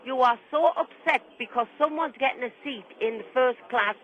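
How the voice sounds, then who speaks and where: A man voicing an indignant older Irish woman with a sharp tongue, on a talk radio comedy bit. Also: very high-pitched, moderate pace, phone-quality sound, pitched above the performer's own voice. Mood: scolding. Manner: scolding, insistent.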